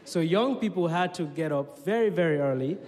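A man from Leone, telling stories in a talk in measured, unhurried short phrases. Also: fairly high pitch, lively intonation, a little mellow. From Sierra Leone. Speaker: speaker. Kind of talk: storytelling talk. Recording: long hall reverb.

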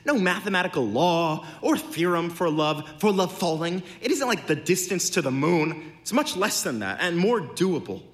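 A man's voice: high voice, animated, normal speed, hardly any pauses, pitched above the performer's own voice. A man voicing a teasing, defiant young woman. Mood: insistent.

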